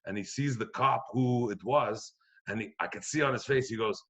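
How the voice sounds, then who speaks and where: A middle-aged man from Quebec telling a profane, animated anecdote on a podcast, acting out the other people's voices. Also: mid-range voice, moderate pace. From Quebec, Canada. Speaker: podcast guest comedian. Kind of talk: storytelling anecdote.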